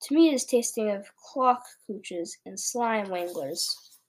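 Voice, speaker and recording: A woman reading aloud from a children's book, giving voice to a very old, kindly male giant with a playful, drawn-out delivery. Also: mid-range voice, animated, a little mellow. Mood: gleeful.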